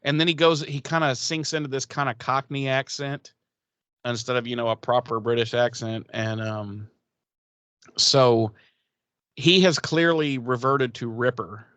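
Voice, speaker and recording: Man rambling thru a show recap, swearing, dry close mic, pretty normal pitch. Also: fairly even intonation, unhurried, a bit bright, no echo. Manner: rambling, swearing, acts out characters' lines. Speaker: podcast co-host. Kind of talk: casual episode recap chat.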